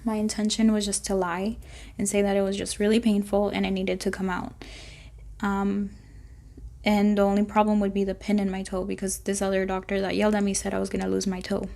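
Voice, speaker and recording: A woman chatting through a storytime vlog with a gravelly, fry-heavy voice. Her tone is mellow and dark, with little rise and fall. She rambles on and acts out little bits of dialogue. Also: mid-range voice, completely flat delivery, brisk. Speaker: vlogger.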